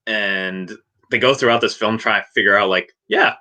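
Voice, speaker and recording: Man, lowish bright voice, casual movie chat, laughs a lot, acts out scenes. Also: moderate pace. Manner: laughing, animated retellings with acted quotes. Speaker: podcast guest.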